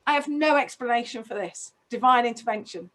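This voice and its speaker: A woman's voice: a little high, lively intonation, a little fast, fairly bright tone. A woman telling a personal story in a talk, intense and emotional, putting direct questions to her listeners. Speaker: speaker.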